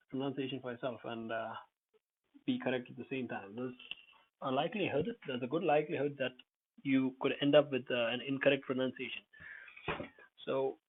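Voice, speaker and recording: A man's voice: medium pitch, creaky, slight background noise. A man teaching English pronunciation in an unscripted lesson, hesitant, with many fillers and self-corrections. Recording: tinny phone-like audio.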